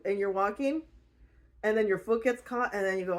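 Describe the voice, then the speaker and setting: A woman's voice: mid-range voice, a little fast. A woman retelling a book in a casual, rambling way, giggling often and using lots of fillers. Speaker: book reviewer.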